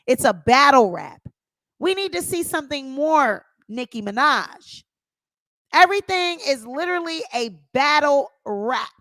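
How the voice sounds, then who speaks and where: A woman's voice: high voice, a bit bright, no echo. A woman hosting her own channel, giving sassy, opinionated celebrity gossip commentary and calling her viewers honey.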